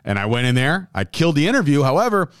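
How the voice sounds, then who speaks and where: A man in his thirties hosting a podcast, telling a story in an excitable, rambling way and often correcting himself. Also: a little high, fast, smooth, no echo, studio quality. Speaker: podcast host. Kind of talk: casual monologue. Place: lives in New Jersey.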